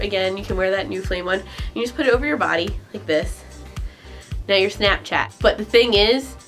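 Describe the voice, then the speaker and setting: A woman's voice: medium pitch, fairly bright tone. A young woman vlogger chatting casually, giggly and loose, full of "like" and "um". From United States. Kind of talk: casual vlog chat.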